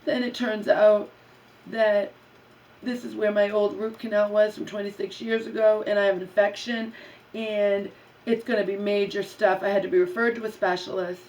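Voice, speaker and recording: An agitated woman vents in a heated personal rant, swearing and circling back over the same complaints. Her voice sits at an ordinary middle pitch. She is recorded a little way from the microphone. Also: level tone, moderate pace, a little mellow, distant mic, rough recording. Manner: agitated, swearing, repeats herself. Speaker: vlogger.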